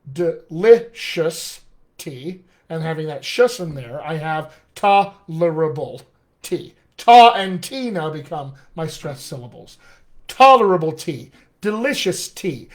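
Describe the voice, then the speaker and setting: A man teaching as a dialect coach in a live online lesson, explaining patiently and sounding out example phrases, often checking in with "all right?". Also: high-pitched.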